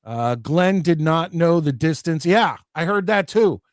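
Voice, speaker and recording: A man's voice: on the high side, lively intonation, measured pace, no room sound, studio quality. A man hosting a casual sports talk show, reading viewer comments aloud and ranting with many restarts. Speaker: podcast host reading chat.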